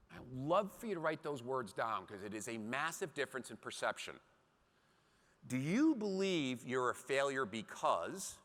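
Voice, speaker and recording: A middle-aged man with a mid-range voice gives a motivational keynote to a conference crowd at normal speed. He tells stories with animation, acting out little scenes. The large conference hall gives the recording a long reverb.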